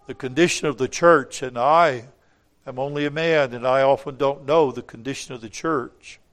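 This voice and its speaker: A man preaching a sermon, emphatic, repeating phrases for weight, his voice swelling to loud peaks and sinking low and quiet.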